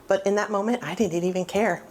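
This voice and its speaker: A woman's voice: mid-range voice, fairly quick, a little mellow, a little hiss or hum. A woman in her forties giving a personal testimony, candid and self-mocking as she tells her story. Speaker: recovery testimony speaker.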